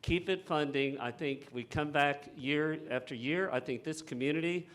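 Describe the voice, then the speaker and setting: A man, a council candidate, answering at a forum in a heated, halting way with many fillers. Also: fairly high pitch, fairly bright tone.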